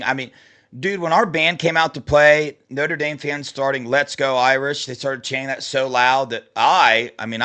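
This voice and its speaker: A man co-hosting a sports podcast, talking casually and excitedly, with lots of restarts and rambling. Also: mid-range voice. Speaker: podcast co-host.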